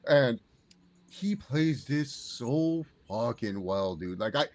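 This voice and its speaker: Animated man reviewing a movie. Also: mid-range voice, slow. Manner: animated, laughs often, quotes characters. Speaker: podcast co-host. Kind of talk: casual movie review chat.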